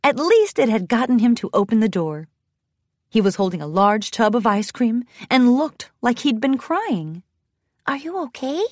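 Woman narrator, children's storybook, high voice, lively pitch, bright expressive reading. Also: moderate pace, no echo, clean studio sound.

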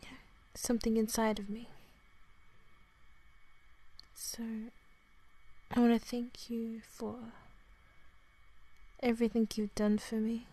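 A woman in her twenties with an Australian accent, in a whispered role-play, talking softly to the listener, rambling and apologizing. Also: on the high side, little pitch movement, slow pace, long pauses. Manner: soft-spoken, rambling, apologetic.

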